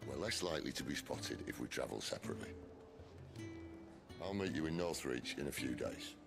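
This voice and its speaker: A measured, worldly older man in a game cutscene. His voice sits very low and gravelly but moves a lot in pitch. Soft game music plays under it. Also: animated, heavily acted. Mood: calm, measured.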